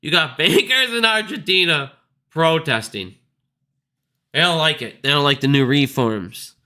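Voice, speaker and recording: A man's voice: a little high, animated, unhurried, sharp tone. A man hosting his own market video, ranting casually in a blunt, profane, scornful way. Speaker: stock market video host.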